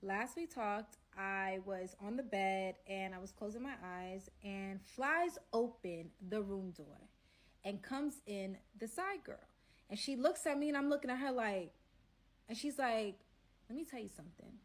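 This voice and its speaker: A woman hosting a casual storytime, acting out the people in her story with slangy, animated banter. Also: medium pitch, measured pace. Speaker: storyteller host.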